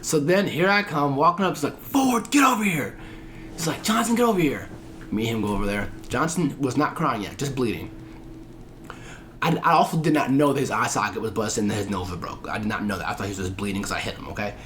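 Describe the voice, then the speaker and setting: A man telling a story as a podcast guest in casual chat, animated and profane, acting out the voices of people he quotes. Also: fairly low pitch, fast, slight background noise.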